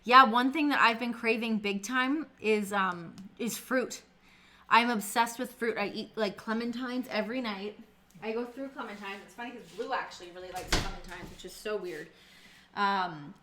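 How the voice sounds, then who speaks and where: A woman talks casually to her viewers as she cooks in her home kitchen. Her voice is bright and crisp, and she chats easily, answering questions from chat and swearing without a second thought. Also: on the high side, moderate pace. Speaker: streamer. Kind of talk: casual chat while cooking.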